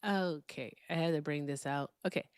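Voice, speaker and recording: Live-stream host, woman, blunt and profane with callers, mid-pitched voice. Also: animated, moderate pace, dry recording. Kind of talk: live call-in stream talk.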